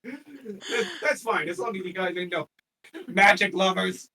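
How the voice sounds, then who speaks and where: A game master narrating a tabletop game, telling the story in a lively way and laughing often. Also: medium pitch, unhurried. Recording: distant mic, faint noise.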